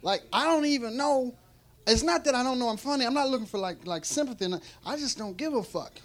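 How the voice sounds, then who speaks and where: High-voiced profane stand-up comedian. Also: male voice, expressive, fast. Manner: rambling, profane, laughing often, many restarts. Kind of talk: stand-up set. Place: club stage before a live audience. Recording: live club recording with crowd noise. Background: audience noise.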